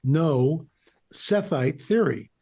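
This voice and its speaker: A man's voice: fairly high pitch, lively intonation, very slow, dark tone, breathy edge. A man being interviewed as a researcher and author, talking emphatically and repeating phrases for stress. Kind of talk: interview conversation.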